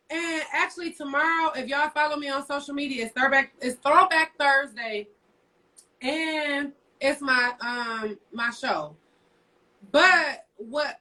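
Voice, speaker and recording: A woman with a high, bright, piercing voice rants bluntly and profanely on a live stream, telling one story after another. Her voice sits a bit away from the phone mic, so it sounds slightly distant. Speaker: co-host. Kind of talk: casual livestream rant. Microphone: phone livestream.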